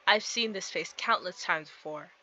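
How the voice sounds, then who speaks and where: A woman's voice: lowish voice, normal speed, pushed and bright, dull audio. A woman reading a visual novel aloud, dramatizing the story and breaking off into giggly asides. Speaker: game streamer.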